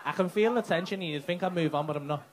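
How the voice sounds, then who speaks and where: A man's voice: sits high, quick pace. A man doing cheeky, crude crowd work on a comedy club stage. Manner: cheeky, crude banter with the audience. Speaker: stand-up comedian. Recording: live club with loud crowd and noise. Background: loud crowd laughter.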